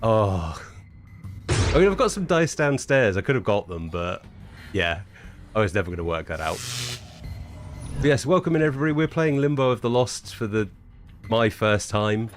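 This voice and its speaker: Wry, animated male game streamer. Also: on the low side, normal speed, pauses often, faint music behind. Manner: wry, amused, chuckling asides. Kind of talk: casual let's play commentary.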